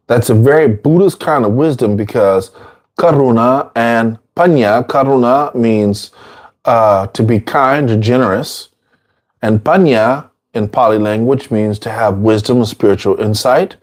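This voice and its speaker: A man giving an informal dharma talk, casual and repetitive, sometimes acting out quoted people in a higher voice. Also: a little slow, a little mellow. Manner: casual, repeats phrases, acts out quotes in a high voice. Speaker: dharma teacher.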